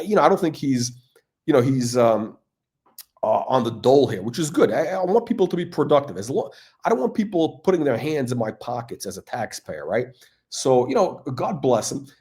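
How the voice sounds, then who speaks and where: A man's voice: mid-range voice, darkish tone. A man hosting a watch channel, talking in a rambling, sarcastic monologue full of fillers, restarts and swearing. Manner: sarcastic, profane, meandering with many fillers and restarts.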